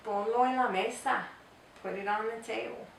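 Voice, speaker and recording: A woman teaching a grammar lesson, explaining step by step and repeating example phrases slowly. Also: on the high side, steady tone, creaky, slight background noise. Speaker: Spanish teacher. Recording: echoey room, voice from far off.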